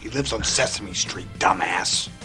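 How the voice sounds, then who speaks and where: An actor playing a sarcastic man who mocks a coworker in a dry, deadpan way. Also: low voice, unhurried, faint music behind. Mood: mocking. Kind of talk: sitcom dialogue.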